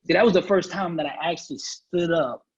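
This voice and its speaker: Husky man telling his story earnestly. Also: fairly high pitch, a little fast, dull audio. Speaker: guest speaker. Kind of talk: personal story in a podcast interview.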